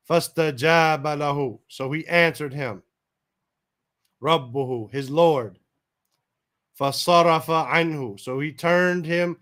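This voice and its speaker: A man's voice: a little high, fairly bright tone. Man teaching a verse-by-verse Quran lesson. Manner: reads each Arabic phrase, then glosses it in English; pauses to self-correct and check grammar aloud. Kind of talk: word-by-word Quran translation lesson.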